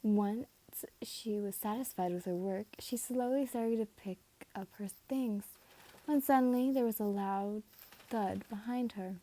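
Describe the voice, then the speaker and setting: A woman's voice: medium pitch, unhurried, warm tone. A woman reading a fan story aloud in a casual way, stumbling and correcting herself as she goes. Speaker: reader.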